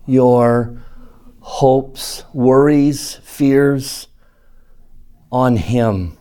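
An earnest male preacher delivers a sermon in a mid-pitched voice. He drops to a hush, then pushes his voice louder. He stretches key phrases slowly for emphasis. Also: smooth. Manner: earnest, swings between soft and loud, slows for emphasis.

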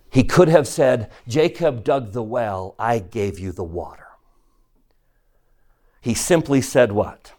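A man leads a scripture class in a mid-pitched voice, neither high nor low. He talks his listeners through a story and keeps turning questions back to them. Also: lively intonation, a little slow, a little mellow. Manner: poses questions to the class and retells scripture scenes. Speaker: religion teacher.

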